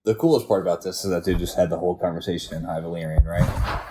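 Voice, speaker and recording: Deep, mellow young male co-host. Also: fast talker, slightly rough. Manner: laid-back, short agreeing replies, profane asides. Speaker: podcast co-host. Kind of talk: casual TV episode discussion.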